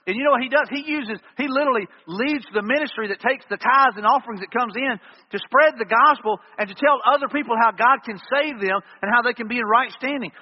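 A man's voice: very high-pitched, brisk. A man preaching a sermon as pastor, earnestly driving points home with repeated emphatic refrains. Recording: reverberant hall, dull lo-fi sound.

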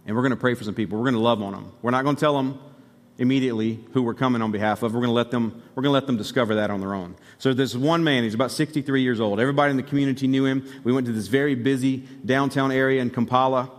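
A male pastor preaching a sermon, telling a story and building to excited exhortation. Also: mid-range voice, racing, in a large hall.

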